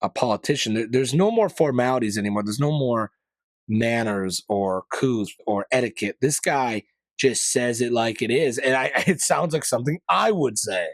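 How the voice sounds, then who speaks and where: Man, podcast host, casual news chat, loose and opinionated, middle pitch, dry close sound. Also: expressive, normal speed, dry recording. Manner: chatty and rambling, opinionated asides; mild profanity, casual slang.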